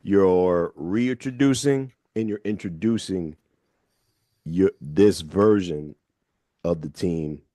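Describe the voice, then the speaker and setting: A radio host with a very low voice, speaking in a dry, close studio sound. He talks in a measured, thoughtful way and slows down to stress his points. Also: dark tone, no room sound. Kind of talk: casual radio chat. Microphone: studio microphone.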